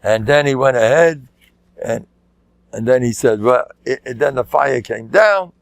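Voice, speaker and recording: An older man, a rabbi, giving a lively Torah class full of jokes and shouted quotes. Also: medium pitch, a little slow, creaky, no echo. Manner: joking, animated, shouts out quotes, mixes Hebrew and Yiddish words.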